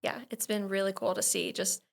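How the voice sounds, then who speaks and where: Woman podcast host, laid-back interviewer; flat, gravelly voice. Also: medium pitch, brisk. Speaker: podcast host, magazine editor.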